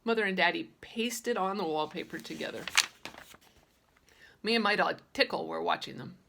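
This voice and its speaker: A woman narrating a children's audiobook in a lively, childlike storytelling manner. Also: fairly low pitch, normal speed, vocal fry, noisy background. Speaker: audiobook reader.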